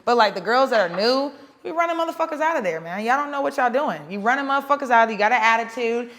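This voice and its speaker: A woman's voice: on the high side, lively intonation, fast talker, fairly bright tone. A woman guest talking candidly and profanely about her work, acting out bits of small talk. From Los Angeles area. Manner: blunt, profane, acts out club small talk. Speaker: guest dancer. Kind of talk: candid casual chat.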